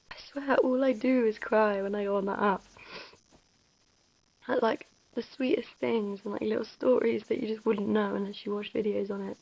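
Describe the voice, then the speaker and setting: A young woman chatting casually in a vlog, soft, giggly and confiding. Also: mid-range voice, fairly even intonation, normal speed, vocal fry, dull audio. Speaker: vlogger.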